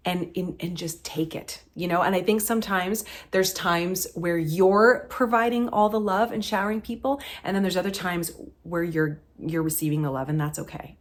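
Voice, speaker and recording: A woman in her thirties chatting to camera as a vlogger, heartfelt and close to tears, with many fillers. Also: on the low side. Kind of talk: casual chat to camera.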